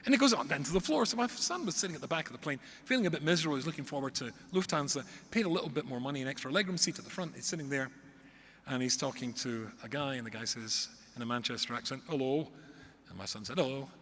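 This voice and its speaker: Here a rabbi from Scotland, middle-aged and medium-pitched, speaks quickly as he entertains a live crowd with stories. His delivery is animated and comically exaggerated, captured in a large, echoey hall with faint ambience.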